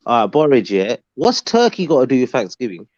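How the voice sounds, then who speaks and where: A man's voice: mid-range voice, wildly swooping pitch, a little fast, darkish tone, no echo. A man on a panel, asking curious questions in casual chat over lo-fi call audio. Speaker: panel guest.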